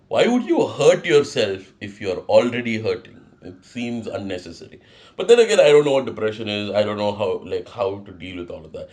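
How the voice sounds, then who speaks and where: A young man hosting a solo podcast, rambling through a confessional monologue and mocking himself with frequent swearing. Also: medium pitch. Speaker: podcast host.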